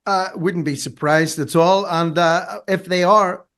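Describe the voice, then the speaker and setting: A man's voice: high-pitched, fairly even intonation, measured pace, fairly bright tone. A man on a debate panel, emphatic and sarcastic, firing off rhetorical questions. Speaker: panel guest.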